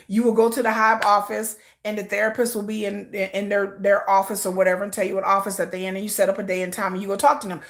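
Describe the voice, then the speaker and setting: Emotional woman host, close to tears. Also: medium pitch. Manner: heartfelt, repetitive, building to frustration. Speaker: livestream host. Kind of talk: emotional casual commentary.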